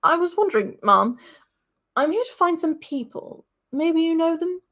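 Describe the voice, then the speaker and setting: A woman's voice: extremely high pitch, big pitch swings, normal speed, a bit bright, pitched above the performer's own voice, heavily acted. A woman voicing an earnest, polite young man who is travelling in search of his family, speaking with careful politeness. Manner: polite and earnest, a little hesitant.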